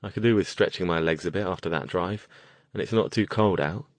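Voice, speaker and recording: A composed British mage, as a male audiobook narrator voices him, courteous and understated. His delivery is clipped and measured, with a deep voice recorded close and dry. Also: no room sound, natural voice.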